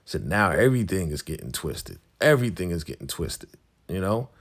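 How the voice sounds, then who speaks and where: A man's voice: low-pitched, very animated, fairly quick. A man casually recapping a TV episode, retelling scenes and acting out the characters' lines in a slangy voice. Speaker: recap host.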